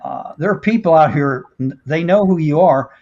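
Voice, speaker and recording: A man hosting an interview, chatting casually and halting with fillers as he reads out names. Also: fairly high pitch, animated, mellow. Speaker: host. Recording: dull lo-fi audio.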